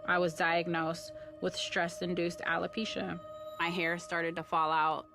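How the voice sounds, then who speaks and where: Low-voiced woman telling her story. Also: little pitch movement, measured pace, over music. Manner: earnest, vivid storytelling with acted-out quotes. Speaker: documentary interviewee, former personal chef. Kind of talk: documentary interview testimony. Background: clear documentary score.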